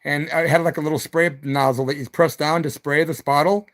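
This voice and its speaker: A man's voice: on the high side, fairly even intonation, a little fast, a bit bright. A middle-aged man, a rock musician, rambling through stories on his evening live stream with loose slang and the odd hoot.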